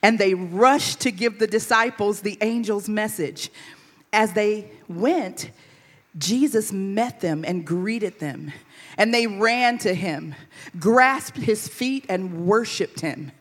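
Lady reading scripture real slow, long hall echo around her. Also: mid-range voice. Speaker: scripture reader. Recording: reverberant church hall.

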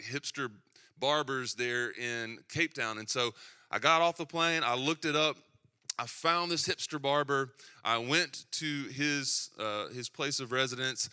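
A young man with a Tennessee accent delivers a sermon in a relaxed, storytelling way, dropping dry self-mocking jokes along the way. His voice is very bright and forward, sitting at an ordinary pitch for a man. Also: smooth. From Southeastern United States. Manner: storytelling, self-deprecating humor, conversational. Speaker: preacher.

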